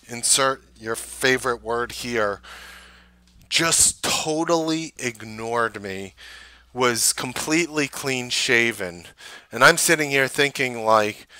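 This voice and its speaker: Bright-voiced man telling a rambling story. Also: mid-range voice, dry recording. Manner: rambling, filler-heavy anecdote with animated quoted voices. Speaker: show host. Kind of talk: casual storytelling. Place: Manhattan.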